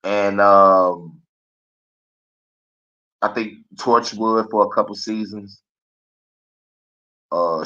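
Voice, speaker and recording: On a live stream, a man with a low, pushed, bright voice rambles through a casual, profane monologue and laughs often. The stream audio is dull and lo-fi.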